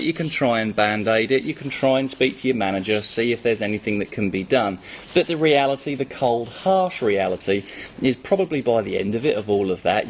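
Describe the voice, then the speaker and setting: A man's voice: medium pitch, a little hiss or hum. An Australian man, a personal trainer, chatting casually on a live stream, peppering his talk with "all right?". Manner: chatty, animated, frequent "all right?" tags.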